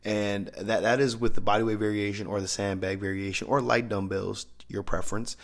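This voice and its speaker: A man's voice: lowish voice, flat delivery, brisk. A man talking as a strength coach, explaining training methods in a loose, conversational way. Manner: conversational, loose, with restarts and asides. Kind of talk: casual instructional talk.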